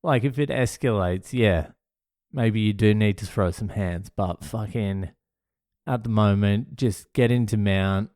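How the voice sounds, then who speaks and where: A man's voice: lowish voice, measured pace, darkish tone, dry recording, studio quality. A man telling a story to camera in a blunt, sweary way, getting worked up as he talks. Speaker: vlogger.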